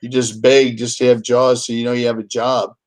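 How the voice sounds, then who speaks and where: Relaxed man co-hosting a chat. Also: mid-range voice, brisk. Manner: relaxed, explanatory, thinks aloud with restarts. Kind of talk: casual live chat about a film.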